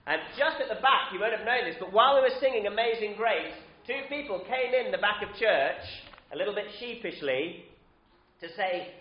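A man preaching an interactive Easter sermon in a church, lively and coaxing the congregation to call out. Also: sits high. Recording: roomy, slightly dull church recording.

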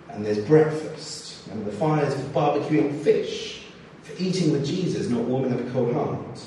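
A man preaching a sermon in a church, expressive and acting out the quotes he reads. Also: medium pitch, a little hiss or hum. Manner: expressive, acts out scripture quotes. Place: church or hall. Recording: echoey hall, distant mic, faint ambience.

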